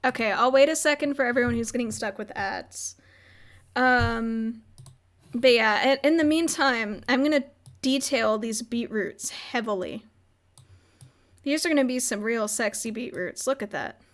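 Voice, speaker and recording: Young woman streamer, rambling recap, giggly, slightly high voice. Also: measured pace, fairly bright tone. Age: young adult. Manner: rambling, giggly, lots of filler "like". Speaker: streamer recapping a roleplay server. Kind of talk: casual livestream chat.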